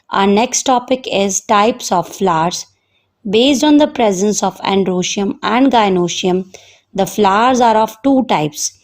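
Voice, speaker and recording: An Indian English-accented woman teaching a science class from home. She talks very slowly and carefully, in a voice of middle pitch, repeatedly calling on her students to underline words and write down meanings. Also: darkish tone. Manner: slow, dictating, addresses students repeatedly. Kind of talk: recorded online science lesson.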